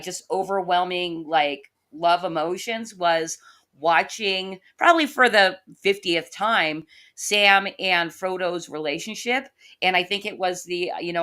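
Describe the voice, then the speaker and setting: Warm storytelling middle-aged woman. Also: on the low side. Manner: warm, storytelling with animated asides. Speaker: co-host. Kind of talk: casual chat.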